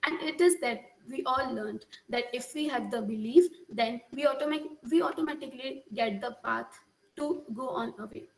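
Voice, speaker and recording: A teenage girl with an Indian English accent finishing a school story narration, speaking haltingly with restarts. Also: sits high, vocal fry. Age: teens. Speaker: student storyteller. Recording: echoey room.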